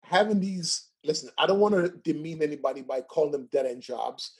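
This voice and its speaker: A man's voice: on the high side, fairly even intonation, fairly quick, husky. A man telling stories as a guest in a casual chat, who laughs often, keeps asking "right?" and stutters at times. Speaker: podcast guest.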